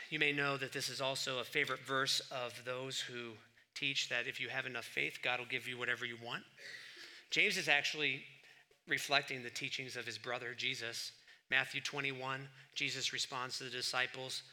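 Bright, animated male preacher. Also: mid-range voice, moderate pace. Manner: animated teaching, sudden swings between loud and quiet. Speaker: pastor. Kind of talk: sermon.

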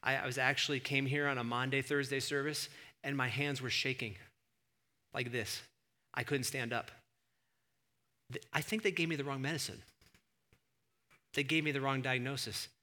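A male pastor preaching a sermon in a church, an animated storyteller who surges into emphatic, near-shouted points. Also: mid-range voice, moderate pace, pauses often. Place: church sanctuary. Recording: long reverb of a church hall.

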